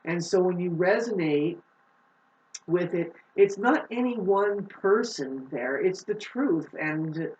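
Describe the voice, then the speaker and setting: A woman vlogger giving an unscripted astrology monologue, swearing freely and swinging between loud, heated outbursts and low, slow explanation. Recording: roomy, distant, dull-sounding audio.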